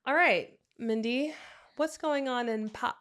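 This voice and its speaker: A woman co-hosting a podcast in casual chat, upbeat as she reads out news items and reacts quickly. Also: a little high, a bit bright. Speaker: podcast co-host.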